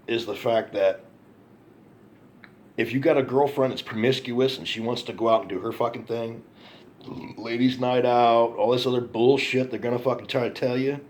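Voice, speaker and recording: A man telling an angry, profane story to camera in a ranting monologue, repeating himself for emphasis. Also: mid-range voice. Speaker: vlogger.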